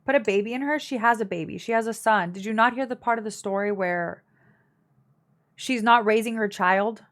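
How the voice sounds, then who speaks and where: A woman's voice: a little high, fairly quick. Young woman streamer, casual and blunt, gossipy family storytelling for her live chat, full of fillers.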